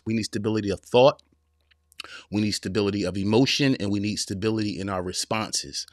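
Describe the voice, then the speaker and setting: Calling his audience y'all and man, a man in his forties preaches casually and directly on his live-streamed motivational podcast, hammering points through repetition. He speaks briskly in a lowish voice, with clean studio sound and no room sound.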